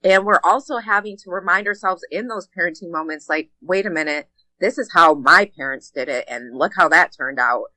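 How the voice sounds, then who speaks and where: A woman's voice: lowish voice, brisk, bright, forceful tone, no echo, low-quality recording. A woman speaking as a podcast guest, earnest and open, often using "like" as filler. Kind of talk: casual conversation.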